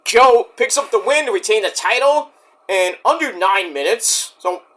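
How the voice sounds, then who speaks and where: A man recapping a wrestling show in a casual, excitable rant, swearing often. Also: sits high, normal speed. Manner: excitable, profane, storytelling rant.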